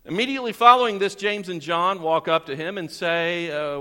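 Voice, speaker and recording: Male pastor, high and bright voice, lively sermon delivery, long church-hall reverb. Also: normal speed, smooth. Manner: animated, questions the congregation, chuckles often. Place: church sanctuary.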